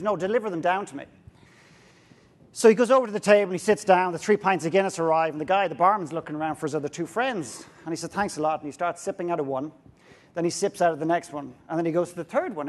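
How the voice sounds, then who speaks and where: An Irish man giving a humorous, story-driven talk from a stage to an audience. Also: fairly high pitch. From Ireland. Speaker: speaker. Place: stage before a live audience.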